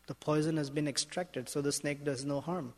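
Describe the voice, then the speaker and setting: A male spiritual teacher giving a sermon in a measured, emphatic way, often asking rhetorical questions. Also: a little high, steady tone, darkish tone. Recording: long hall reverb.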